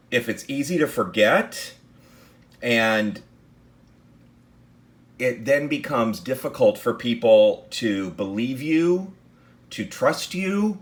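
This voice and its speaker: Casual male instructor, mid-pitched, lecturing with rhetorical questions and restarts. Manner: conversational, with many fillers and restarts; asks the listener rhetorical questions. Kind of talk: recorded lecture on speech delivery.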